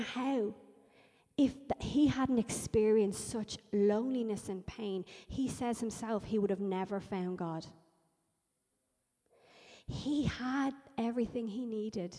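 A woman delivers a sermon with emphatic, repetitive phrasing that builds as she goes. Her voice is mellow and warm, at a middle pitch. It rings out with the long reverb of a large hall. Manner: emphatic, repetitive preaching with rising intensity. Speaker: preacher.

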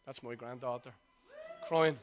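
A man, a pastor preaching a sermon and telling personal stories in a lively, chatty way. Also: mid-range voice, a little slow. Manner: lively storytelling, chatty and conversational.

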